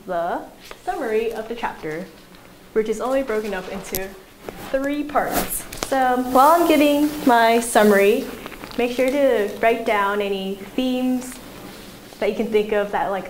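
Speaking a little slowly at medium pitch, the teenage girl walks her classmates through words in a student presentation and has them repeat after her. Her manner is instructive, and the recording carries the echo and noise of a classroom.

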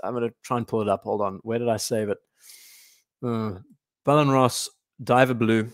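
A man's voice: on the low side, steady tone, normal speed, dry recording, clean studio sound. A man hosting a live watch show, chatting casually, thinking aloud and answering comments from the chat. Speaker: watch channel host.

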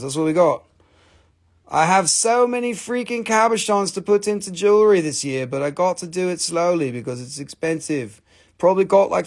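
A man with a gravelly, fry-laden voice chats loosely on a live stream, selling rocks and minerals. He rambles, jokes and swears freely, with a slightly higher pitch than most men. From Appalachian Valley, USA. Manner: rambling, profane, joking. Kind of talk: casual live sales chat.

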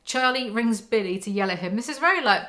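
Sarcastic woman, book recap host, bright edgy tone. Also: a little high, lively intonation, fast. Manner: sarcastic, mocking asides. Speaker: book commentary YouTuber. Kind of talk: casual snarky book recap.

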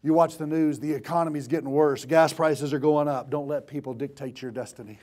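Male pastor, high voice, fiery sermon style that drops to near-hushed asides. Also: fairly even intonation, a little fast, few pauses. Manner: impassioned preaching, swinging from shouts to hushed tones. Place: church.

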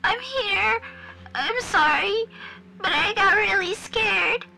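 A woman voicing a frightened three-year-old ghost girl in a horror story, speaking slowly in a small childlike voice. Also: extremely high pitch, lively intonation, creaky, music in the background, heavily acted, low-quality recording. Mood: tearful.

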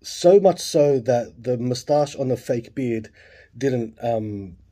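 A man's voice: mid-range voice, animated, slow pace, mellow, slightly rough. A man in his late forties with an Australian accent, telling a long story casually, swearing freely and full of asides.

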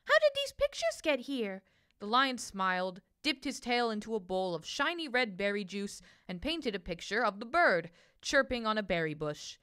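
Bright, lively woman reading a picture book. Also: mid-range voice, smooth. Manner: gentle, expressive storytelling. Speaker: storyteller. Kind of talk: children's picture-book read-aloud.

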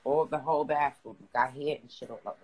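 A man's voice: mid-range voice, steady tone, fast, breathy edge, lo-fi sound. A man, teasing and needling a friend in casual banter at home. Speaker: vlogger.

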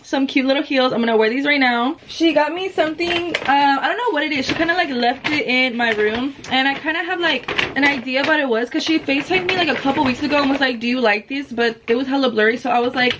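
A woman's voice: high-pitched, fast, few pauses, noisy background. A woman in her twenties chatting casually at home in a vlog, full of "like" fillers. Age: 20s. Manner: talking softly so as not to wake someone. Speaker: vlogger.

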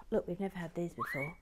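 A woman hosting a casual building vlog, chatting with viewers and often murmuring softly to herself as she works. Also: fairly low pitch, very noisy. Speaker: host.

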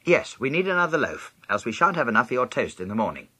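A man voicing a sharp, scolding mother in a storybook reading. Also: mid-range voice, very animated, quick pace, husky, exaggerated voice.

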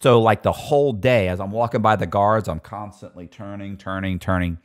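A man's voice: lowish voice, moderate pace. A middle-aged man casually telling prison stories, swearing freely, laughing often and acting out what others said. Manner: animated, profane, laughs often, acts out quotes. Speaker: guest storyteller. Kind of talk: casual storytelling chat.

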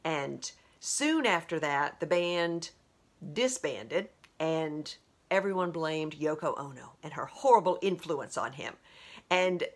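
A woman's voice: deep voice, animated, takes it slowly. A woman in her sixties hosting a podcast, talking in a chatty, rambling monologue full of asides and laughs. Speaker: podcast host. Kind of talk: casual monologue.

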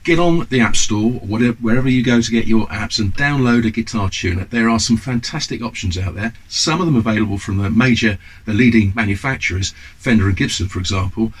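Speaking quickly with few pauses, a husky, lowish-voiced man in his fifties from the UK runs an upbeat guitar lesson to camera. As a teacher he's chatty, sprinkling in ums and asides. The recording quality is poor.

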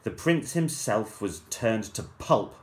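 A male teacher reading a rhyming story aloud to children in a measured, playful storyteller's manner. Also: on the low side, very animated.

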